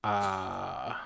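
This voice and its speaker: A man's voice: deep voice, vocal fry, a bit bright, dry recording. A man co-hosting a casual chat, joking and hesitant as he makes his picks. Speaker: podcast co-host.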